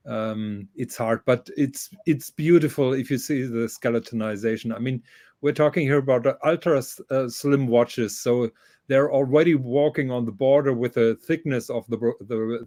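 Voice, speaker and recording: A man's voice: mid-range voice, mellow, dry recording, clean studio sound. A man co-hosting a casual watch live stream, talking thoughtfully with fillers and restarts. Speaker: watch show co-host.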